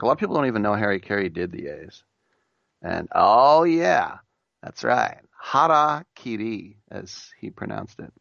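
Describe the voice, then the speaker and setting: A man's voice: lowish voice, creaky, fairly bright tone, no room sound, muffled recording. A man hosting a sports talk radio show, chatting in a rambling, jokey way. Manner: rambling, jokey, does impressions of announcers.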